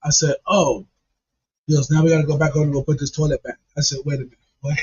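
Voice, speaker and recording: A man's voice: on the high side, level tone, fast talker, a little mellow, a little hiss or hum. A man casually telling a profane, funny story and laughing along as he goes. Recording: dull lo-fi recording.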